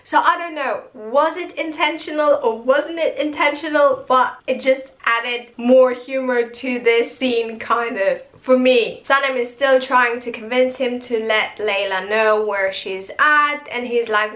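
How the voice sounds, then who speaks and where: Bright-voiced young woman recapping an episode. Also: on the high side, unhurried, hardly any pauses. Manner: chatty, retells scenes with quoted voices. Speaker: episode reviewer. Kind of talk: casual recap vlog.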